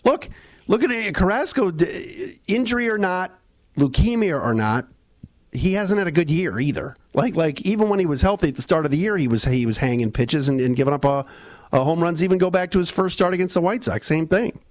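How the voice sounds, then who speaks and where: A man co-hosting a casual sports podcast, talking in an animated, rambling way with restarts and fillers. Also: high-pitched, fairly quick, no room sound. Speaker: podcast co-host.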